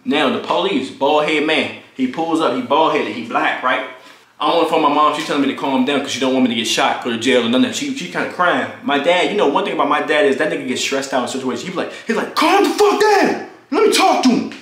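A young man telling a storytime vlog story, animated and profane, acting out the quoted lines as he goes. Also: mid-range voice, fast talker. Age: young adult. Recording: echoey room.

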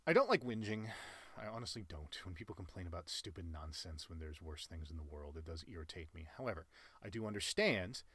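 A man in his late twenties talking earnestly and emphatically about life lessons, with sudden loud jumps in pitch. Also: very animated, a little fast, breathy edge, no echo. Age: late 20s. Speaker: cartoon channel creator. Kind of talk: personal life-lessons monologue.

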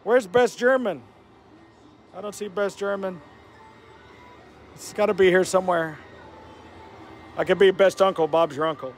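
An excitable, joking man vlogs as he walks busy city streets, his voice sitting a touch high. Traffic and street noise run clearly behind him the whole time. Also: a little slow, long pauses. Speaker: vlogger. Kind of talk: casual vlog walk-and-talk.

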